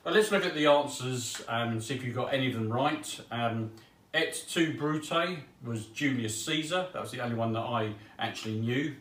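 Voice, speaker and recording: A man giving a sermon in a relaxed, chatty way with small humorous asides. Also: mid-range voice, brisk, hardly any pauses, a little hiss or hum. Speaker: preacher. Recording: echoey room heard from a distance.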